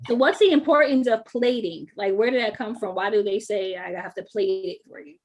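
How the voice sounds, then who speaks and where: Relaxed woman hosting a talk show. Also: mid-range voice, fairly quick. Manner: relaxed, reads out viewer questions.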